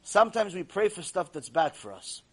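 A man with a high, husky voice gives a Torah lesson to a room of listeners. He tells stories with animation and mixes Hebrew terms into his plain talk. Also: very animated, moderate pace. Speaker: rabbi teaching a class. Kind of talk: Torah class lecture. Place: classroom with a live audience.

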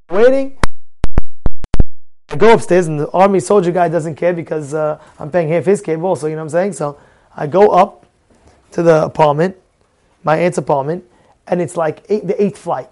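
Guy with a high voice telling a story in a torah class, acts out all the dialogue, trips over his words a lot. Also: moderate pace, pauses often, faint music behind. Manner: animated, acts out dialogue, many restarts; mixes in Hebrew words. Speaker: Torah teacher.

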